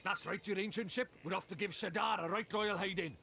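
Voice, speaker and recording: A man's voice: high-pitched, steady tone, fairly quick, vocal fry, sharp tone, slight background noise, heavily acted. An actor voicing a cheeky, chatty little male fairy sidekick in a game.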